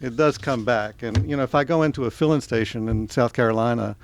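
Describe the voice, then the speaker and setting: Hardly pausing, a middle-aged man from the American South, with roots in Tennessee and Georgia, talks quickly in a medium-pitched voice. He's giving a conversational author talk at a bookstore event space and pokes fun at himself along the way.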